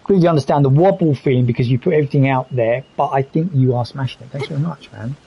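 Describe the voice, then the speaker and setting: A man's voice: mid-range voice, quick pace, creaky, dull audio, slight background noise. A man live streaming a game, talking candidly and reflectively while reading chat messages aloud. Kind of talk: casual gaming stream commentary.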